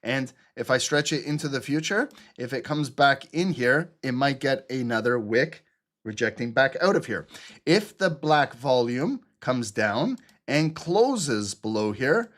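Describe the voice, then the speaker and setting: A man hosting a live trading stream, with a voice of ordinary pitch. He walks through his chart markings as he talks, explaining each step as he goes. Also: fairly bright tone. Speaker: trading channel host. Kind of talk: live market analysis commentary.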